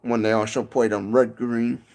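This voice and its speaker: A man's voice: mid-range voice, flat delivery, unhurried, a little mellow. A man with a Michigan accent chatting casually on a livestream from his porch, rambling and often tacking on "and stuff". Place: home porch, outdoors.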